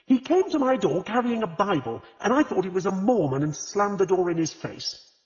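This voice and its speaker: A man's voice: a little high, big pitch swings, brisk. A man doing a brash, impatient middle-aged woman sleuth. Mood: indignant. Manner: blunt and demanding. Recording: dull lo-fi audio with long reverb.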